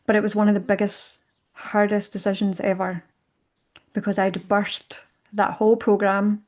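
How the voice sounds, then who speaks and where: Woman guest, reflective storyteller, acts out her past thoughts, mid-pitched voice. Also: level tone, moderate pace, a little mellow. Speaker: podcast guest.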